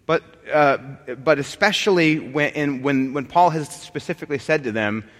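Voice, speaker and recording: A man's voice: on the high side, normal speed. A man teaching a class on scripture, talking casually to his students, often restarting sentences and joking with them. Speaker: Bible teacher. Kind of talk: lecture on scripture and church history. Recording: long hall reverb.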